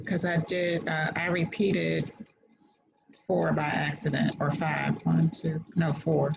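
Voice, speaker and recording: A woman tutoring a class over a video call, reading answers in a patient, steady way. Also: low-pitched, slow, creaky, background noise. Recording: dull video-call audio.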